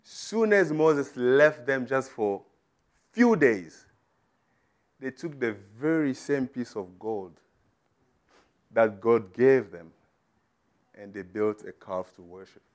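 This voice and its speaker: A man's voice: medium pitch, lively intonation, slow, long pauses. Man, preacher, sermon, emphatic, middle-aged. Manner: emphatic, rising to loud declarations.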